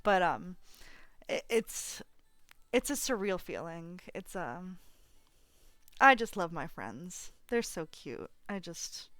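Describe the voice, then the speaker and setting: A woman's voice: lowish voice, big pitch swings, slow pace, pauses often, a bit bright, no echo. A young woman streamer chatting casually and emotionally to her viewers, gushing with lots of fillers and restarts, teary and close to crying. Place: home apartment.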